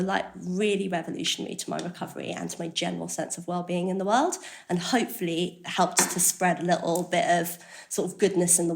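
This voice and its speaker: A woman's voice: on the low side, gravelly. A woman giving a candid, self-deprecating personal testimony at a recovery workshop, talking casually and swearing now and then. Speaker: recovery meeting speaker. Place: workshop room with listeners.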